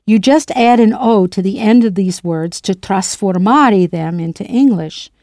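A woman narrating a scripted language lesson in a clear, playful way, spelling words out letter by letter. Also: medium pitch, a little slow, mellow, no room sound, clean studio sound. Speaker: language teacher.

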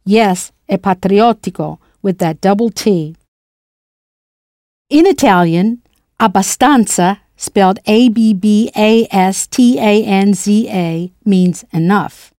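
A woman narrating a scripted language lesson in a clear, playful way, spelling words out letter by letter. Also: medium pitch, slow pace, warm tone, no room sound, clean studio sound. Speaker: language teacher.

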